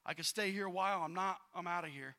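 Pastor guy preaching, kinda high bright voice, gets loud then drops quiet, talks real casual between bible verses. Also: fast. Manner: animated preaching, swings from loud bursts to quiet, reading scripture aloud; casual slang and repetition. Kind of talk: sermon.

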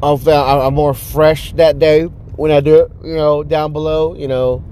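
A man's voice: fairly high pitch, level tone, normal speed, mellow. A man rambling casually to the camera outdoors at night, full of restarts, fillers and swearing. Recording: faint outdoor traffic noise.

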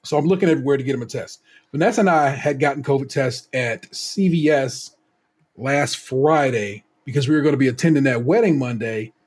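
A man co-hosting a podcast, telling stories in a profane, animated way in a casual chat. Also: mid-range voice, brisk, husky. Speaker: podcast co-host.

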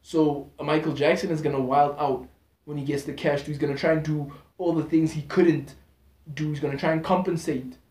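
A man's voice: on the high side, steady tone, brisk, a little mellow. A man chatting casually on a podcast, slangy and talkative, often restarting his sentences. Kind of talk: casual chat. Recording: echoey room.

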